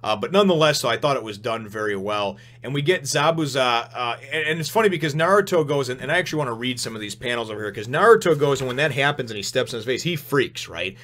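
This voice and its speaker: A man of ordinary middle pitch talks through a manga chapter as the host of a review channel. His delivery is excitable and rambling, full of filler tags like "you know" and "right?". He slips into a raised voice to act out the characters' lines. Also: quick pace, hardly any pauses.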